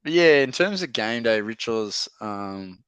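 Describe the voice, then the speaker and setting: Laid-back young Australian man, smooth voice. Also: on the low side, animated, measured pace, fairly bright tone, no echo. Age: young adult. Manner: laid-back, laughs through his stories. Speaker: rugby league player, guest. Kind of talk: casual storytelling interview. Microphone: podcast microphone.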